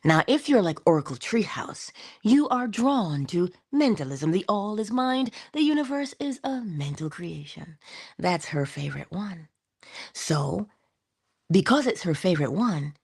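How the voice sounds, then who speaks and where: Animated woman with a lilt. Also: medium pitch, measured pace, gravelly, slightly rough. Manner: animated, laughing often, storytelling. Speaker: spiritual channel host. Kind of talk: casual spiritual talk to viewers.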